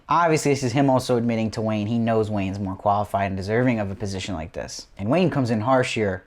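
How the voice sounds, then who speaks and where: A man's voice: medium pitch, fast, few pauses. A man hosting his own TV review show, recapping an episode eagerly and piling up rhetorical questions. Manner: enthusiastic, asks lots of rhetorical questions. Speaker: TV review host.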